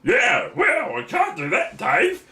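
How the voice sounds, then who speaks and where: High squeaky little penguin, cheeky, voice leaping all over, bright and sharp. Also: male voice, wildly swooping pitch, full character voice. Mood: sheepish. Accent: New Zealand. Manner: squeaky, repeats "yeah" rapidly, giggly. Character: cheeky male toy penguin, chirpy and playful.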